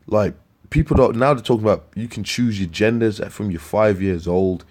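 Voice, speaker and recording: A man preaching scripture in a profane, scornful rant, with slang, repeated words and sudden loud outbursts. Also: lowish voice, moderate pace. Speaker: street preacher.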